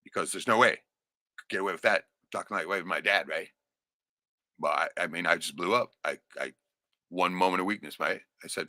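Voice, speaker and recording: A low-voiced middle-aged man tells a long, profane personal story in a loose, chatty way. His tone is bright and forceful, and the sound is dry and close, with little room echo. He laughs often and keeps tossing in "right?". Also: lively intonation, a little fast. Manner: laughs often while telling.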